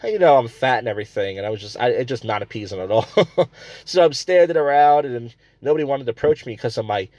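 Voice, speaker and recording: A man's voice: mid-range voice, lively intonation, fast talker, darkish tone, no echo. A man hosting a comedy podcast, ranting crudely and rambling between stories. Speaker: podcast host.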